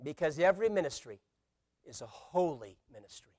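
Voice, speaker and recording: A middle-aged male pastor preaching a sermon, swinging from hushed asides to loud emphatic calls and playfully acting out quoted voices. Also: a little high, sing-song, brisk.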